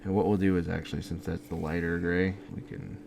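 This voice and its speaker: A man's voice: deep voice, a little fast, vocal fry. A man casually rambling at midnight as he draws, sleepy and yawning, talking half to himself. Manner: relaxed, rambling, muttering to himself. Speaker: video creator drawing. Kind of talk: casual late-night drawing chat. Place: home art setup at night. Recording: noticeable background noise.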